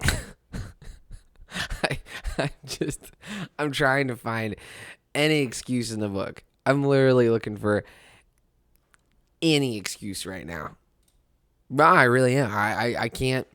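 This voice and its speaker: A man's voice: medium pitch, normal speed, pauses often, a bit bright, smooth, no echo, clean studio sound. A young adult man hosting a casual sports talk monologue, rambling and rueful, laughing at his own misery. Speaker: podcast host.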